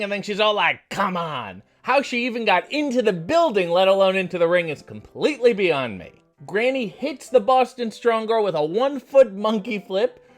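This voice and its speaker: A man hosting a comedic recap, talking in a deadpan, profane, jokey way. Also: high voice. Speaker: comedy wrestling recap host.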